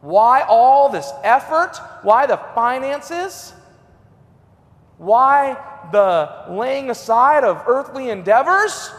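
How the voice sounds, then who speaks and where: Animated high-voiced preacher, man, booming hall. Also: slow. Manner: animated, swings from loud to hushed. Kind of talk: revival sermon. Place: church sanctuary. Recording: long hall reverb.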